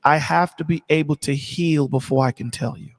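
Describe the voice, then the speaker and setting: Emphatic high-voiced man, gravelly, reverberant. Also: normal speed, a crowd in the background. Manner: emphatic, preachy, repeats phrases. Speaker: stream co-host. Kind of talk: casual discussion.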